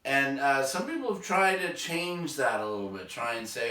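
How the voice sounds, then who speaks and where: A man's voice: medium pitch, sing-song, normal speed, few pauses, sharp tone, distant mic. A man with a Boston accent, a teacher, reading a textbook chapter aloud and dropping in wry, sardonic asides. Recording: echoey room, voice off-mic.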